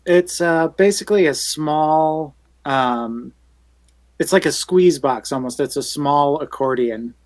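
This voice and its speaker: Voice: mid-range voice, takes it slowly, a little mellow, no room sound. Hesitant player with a dry sound. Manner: hesitant, lots of fillers. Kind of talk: in-character tabletop play.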